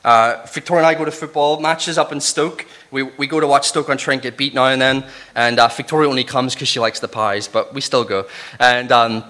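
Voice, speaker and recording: A man from Northern Ireland with a softened Northern Irish accent, teaching from the Bible in a chatty, conversational way. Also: mid-range voice, fairly even intonation, a little fast. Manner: conversational, chatty, with restarts and asides. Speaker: preacher. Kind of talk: casual Bible teaching sermon.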